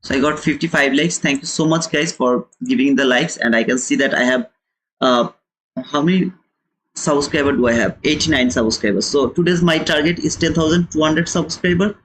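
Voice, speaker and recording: High-voiced man lecturing emphatically. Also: normal speed, fairly bright tone. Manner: emphatic, repeats phrases, addresses viewers as brother. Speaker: trading educator and channel host. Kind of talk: live-stream trading lesson, lecturing rant.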